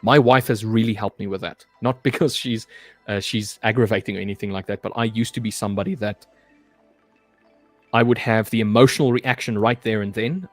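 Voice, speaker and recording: A man's voice: on the low side, no room sound. A young man hosting a live trading stream, chatting casually and reading viewer comments aloud. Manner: reads viewer comments aloud and chats loosely, saying "mate" often.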